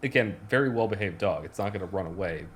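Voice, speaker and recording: Man, fairly low voice, podcast co-host, casual chat, rambling, frequent restarts. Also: animated, quick pace, fairly bright tone. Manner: rambling storyteller, many restarts and fillers.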